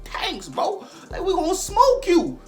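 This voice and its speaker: A man's voice: extremely high pitch, huge pitch swings, unhurried, soft background music, voice pushed up, exaggerated voice. A man voicing a gang of swaggering teenage male bullies who trade brash, slangy threats in a raised voice. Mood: taunting.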